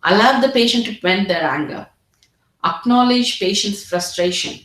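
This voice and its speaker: A woman teaching in an earnest, steady way, restarting and repeating words as she works through her points. Her voice sits in a middling range and carries a noticeable roomy echo. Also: medium pitch, normal speed. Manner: earnest, repeats words, models empathetic phrases. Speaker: medical exam tutor. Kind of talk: teaching presentation.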